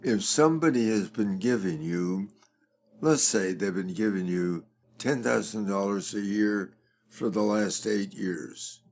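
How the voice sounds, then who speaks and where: An older man speaks slowly and deliberately as a fundraising guest in a relaxed interview. His voice carries a gravelly, creaky edge, and he lingers over his words. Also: on the low side. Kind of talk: conversational podcast interview.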